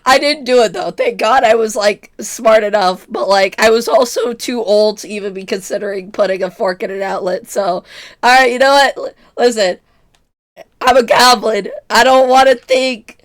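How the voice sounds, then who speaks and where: A woman in her twenties streams and chats casually with her chat at a normal speed, her voice a little high. She's giggly and self-mocking, and her voice sounds strained from illness.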